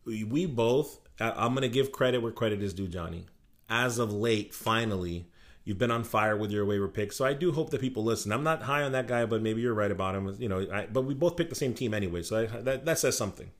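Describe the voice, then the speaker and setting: A man co-hosting a sports podcast, talking in an excitable, boastful way about his favorite team. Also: fairly low pitch, fast. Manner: excitable, boastful fan talk. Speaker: podcast co-host. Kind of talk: casual sports chat.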